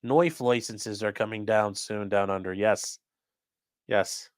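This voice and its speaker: With a fairly low voice, fairly even intonation and a slow pace, this man hosts a crime news livestream in studio quality with no echo. He's blunt and casual, swears now and then, and reads the chat aloud.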